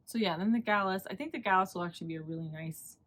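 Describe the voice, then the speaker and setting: A woman's voice: mid-range voice, fast, a bit bright. A woman hosting a knitting podcast in casual chat, rambling and chatty and laughing often.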